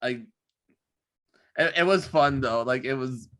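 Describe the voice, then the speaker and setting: A man, a podcast co-host, talking in a casual, halting way, full of restarts and ums. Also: mid-range voice, fairly bright tone. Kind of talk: casual chat.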